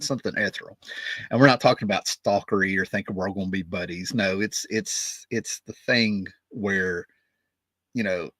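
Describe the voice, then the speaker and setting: A man in his fifties with a fairly low voice tells a loose, rambling story about meeting musicians, speaking as a music vlogger. He keeps tossing in "right?" and "you know" as he goes. The sound is dry and close, with no room echo. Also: a bit bright. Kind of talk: casual storytelling.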